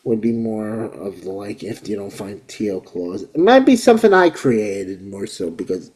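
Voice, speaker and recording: Excitable, rambling man with a lively voice. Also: on the low side, normal speed, husky. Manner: excitable, rambling, repeats himself. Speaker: host. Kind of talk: casual chat.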